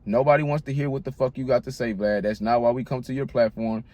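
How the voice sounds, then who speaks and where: A man hosting his own channel, venting in a blunt, profanity-laced rant and repeating his points. His voice sits at a middling pitch, and the sound is dry and close with no room echo. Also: fairly even intonation, fast, dark tone. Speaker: channel host. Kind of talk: angry rant to camera.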